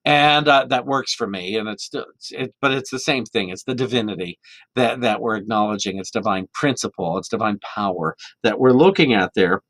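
A man preaching a sermon in a conversational, animated way, with lots of restarts and playful voices for the people he quotes. The sound is close and dry, with almost no room in it. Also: fairly low pitch, moderate pace, no echo. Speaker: minister. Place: church sanctuary. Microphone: microphone.

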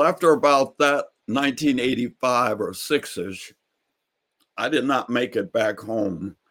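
A man's voice: on the low side, gravelly, breathy edge. A man telling a personal story in an earnest, reflective way.

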